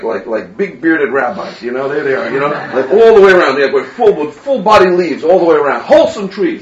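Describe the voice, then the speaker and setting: A man with a high voice delivers an animated religious lecture, telling anecdotes and stumbling over repeated words. He sounds roomy and far from the mic on a dull, lo-fi recording. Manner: animated storytelling with stammered restarts. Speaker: Torah teacher.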